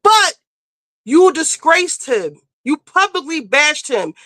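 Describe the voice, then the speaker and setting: Woman streamer host, high and bright, blunt and profane, dry close sound. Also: sing-song, takes it slowly, no room sound. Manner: emphatic, scolding. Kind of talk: casual commentary.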